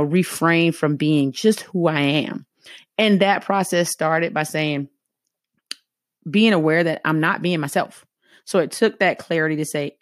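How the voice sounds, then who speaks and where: Earnest Southern woman, low dry voice. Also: no room sound. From American South. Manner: earnest, conversational, acts out her own inner thoughts. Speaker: motivational speaker. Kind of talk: motivational talk to viewers.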